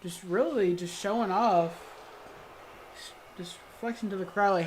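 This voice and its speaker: A woman commenting play by play on a wrestling video game, calling the moves with sudden excited exclamations and frequent hesitant fillers and self-corrections. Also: mid-range voice, unhurried, long pauses, slight background noise. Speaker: gaming video host.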